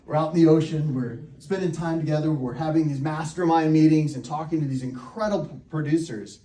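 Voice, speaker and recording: A man, a real estate coach, telling a story to a live audience with laughs and lively asides. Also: on the high side, fairly quick, echoey room, distant mic. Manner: animated, laughing, talks to the crowd.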